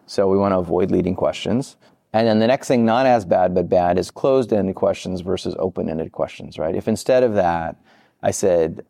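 Fast energetic guy explaining stuff on a podcast, low dark voice. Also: vocal fry, dry recording, studio quality. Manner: energetic, acts out quoted people in higher voices. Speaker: podcast guest, product expert. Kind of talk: conversational interview.

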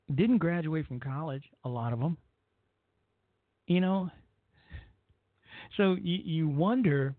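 A man hosts a talk radio show in a blunt, rambling monologue, circling back over his points. His voice sits a touch high for a man. The sound is dry and squeezed into a narrow, phone-like band. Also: no room sound. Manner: blunt, rambling, repeats himself.

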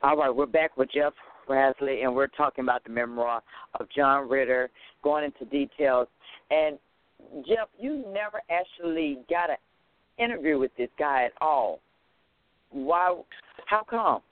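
A man's voice: mid-range voice, measured pace, no echo. A man hosting an internet radio talk show, loose and chatty, often repeating himself. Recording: dry phone line.

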